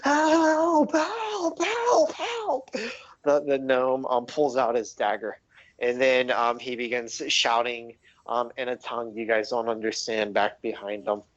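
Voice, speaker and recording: A young man narrating a tabletop game as game master, halting with many fillers. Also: mid-range voice, flat delivery, fairly bright tone. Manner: halting, many ums and likes. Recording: dull lo-fi audio.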